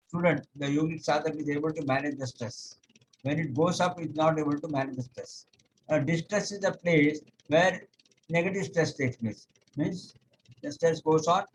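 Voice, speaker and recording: A man teaching a yoga class over a video call, explaining step by step, pausing on "okay", and chanting scripture verses slowly. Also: fairly high pitch, slight background noise, low-quality recording. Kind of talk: online lecture.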